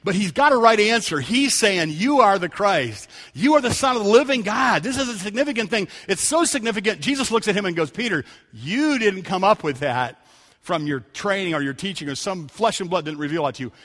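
High, bright-voiced man preaching in a hall. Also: expressive, fairly quick. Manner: storytelling, conversational with rising emphatic calls. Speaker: pastor. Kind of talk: sermon. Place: church sanctuary. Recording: church hall reverb.

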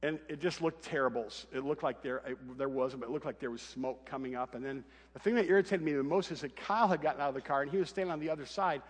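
A man's voice: fairly high pitch, quick pace, few pauses, long reverb tail. A middle-aged man, a pastor, telling a humorous family story in a sermon, acting out the voices. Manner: animated, humorous anecdote with acted quotes.

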